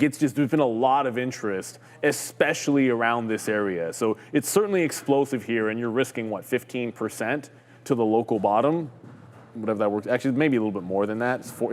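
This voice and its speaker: A man co-hosting a live trading show, talking through chart setups in a chatty, joking way with quick asides. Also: mid-range voice, a little mellow, long reverb tail. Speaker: stock market show co-host.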